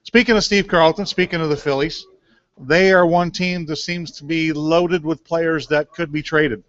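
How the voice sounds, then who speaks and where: Joking host, slightly high voice. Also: male voice, steady tone, a bit bright, no echo. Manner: joking, quick quips. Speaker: host, former major-league pitcher. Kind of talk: casual chat. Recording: dull, dry, lo-fi sound.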